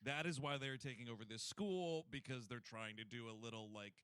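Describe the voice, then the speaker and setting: A man's voice: medium pitch, a little fast, fairly bright tone, smooth, no room sound. A man in casual conversation, animatedly recapping a film scene by scene, peppering his talk with "like" and swearing. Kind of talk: casual film-discussion chat.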